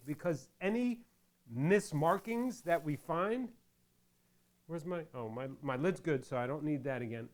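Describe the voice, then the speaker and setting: A middle-aged man hosting a crafting tutorial, chatting casually and rambling into jokes while he works with his hands. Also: high-pitched. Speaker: crafting channel host.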